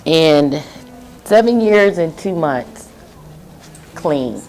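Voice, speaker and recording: Low-voiced woman giving a halting testimony. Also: expressive, a little mellow, faint music behind. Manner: emotional, halting, with many pauses. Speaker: testimony speaker. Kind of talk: personal testimony.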